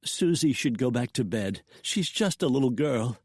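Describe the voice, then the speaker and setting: A man's voice: mid-range voice, animated, moderate pace, darkish tone, breathy edge, no room sound, studio quality. A man voicing a frightened woman, a banker's wife, in a quavering, pleading voice. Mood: tense.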